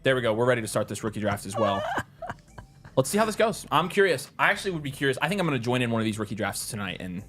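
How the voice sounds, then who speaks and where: A man's voice: medium pitch, very animated, rapid-fire, a bit bright. A man hosting a casual live stream, reading the chat aloud and plugging a giveaway in an upbeat, filler-heavy way.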